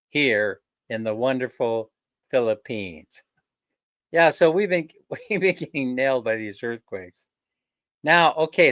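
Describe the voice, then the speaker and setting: A man's voice: medium pitch, fairly bright tone, dry recording. A man hosting a casual live stream, rambling and joking, chuckling often. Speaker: livestream host.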